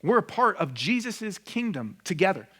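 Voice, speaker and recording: A man's voice: high voice, very animated, moderate pace, bright, forceful tone, slightly rough. A male pastor delivering a sermon in a church, in a conversational style with frequent rhetorical asides. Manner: conversational preaching with rhetorical questions. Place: church room.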